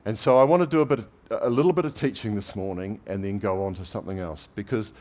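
A man's voice: lowish voice, fast talker. A man preaching a conversational sermon, telling everyday stories with light humor. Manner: relaxed, anecdotal storytelling with light humor. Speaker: pastor.

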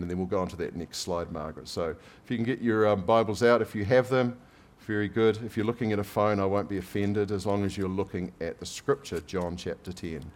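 A man preaching a conversational sermon, telling everyday stories with light humor. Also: on the low side. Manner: relaxed, anecdotal storytelling with light humor. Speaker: pastor.

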